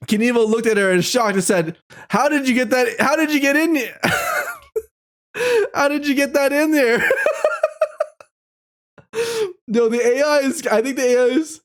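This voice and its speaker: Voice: high-pitched, fairly quick. A streamer reading an AI-written story aloud, laughing often and exclaiming in disbelief. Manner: giggly, bursts into laughter often; incredulous, exclaiming. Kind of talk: casual reading aloud with reactions.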